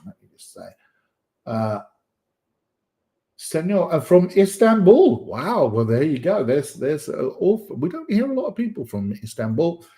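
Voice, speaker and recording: A man's voice: medium pitch, a little mellow. Rambling, chatty male stream host. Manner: chatty and rambling, many fillers and restarts; jokey, greets viewers by name. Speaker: livestream host. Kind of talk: casual live-stream chat.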